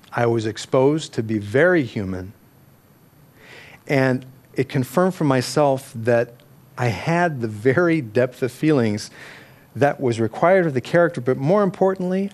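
Middle-aged man, candid personal storyteller, self-deprecating, corrects himself as he goes, average pitch. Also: lively intonation, a little slow, darkish tone. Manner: restarts and corrects himself mid-sentence. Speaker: speaker telling a personal story.

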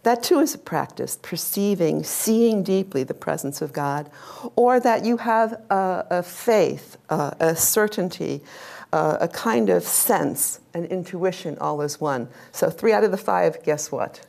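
A woman's voice: fairly low pitch, animated, unhurried, creaky, a little mellow. A middle-aged woman, a religious sister, giving a live lecture with slides to an audience, chatty, laughing often and asking the room questions.

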